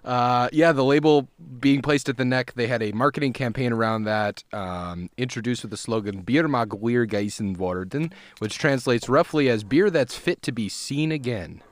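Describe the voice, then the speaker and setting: A man co-hosting a casual podcast chat, relaxed, reading facts aloud in a conversational way. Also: mid-range voice, normal speed, few pauses, no room sound. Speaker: podcast co-host.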